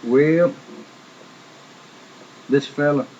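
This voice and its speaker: A man's voice: on the high side, extremely slow, darkish tone. A man telling a testimony in an emphatic, folksy sermon style, often repeating words. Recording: dull lo-fi recording with faint noise.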